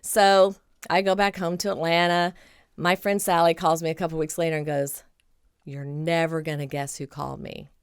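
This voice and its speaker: A woman in her sixties, a podcast guest telling stories in a casual, animated way and acting out the voices of the people in them. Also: low-pitched, moderate pace, clean tone, no echo, studio quality. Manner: animated, acts out quoted voices and laughs often. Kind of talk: casual storytelling.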